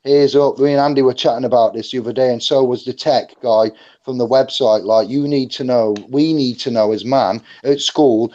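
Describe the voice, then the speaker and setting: A jokey, animated man gives a casual seminar talk at a mid pitch. He acts out phone calls to make his points. The recording sounds slightly dull and lo-fi. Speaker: seminar speaker.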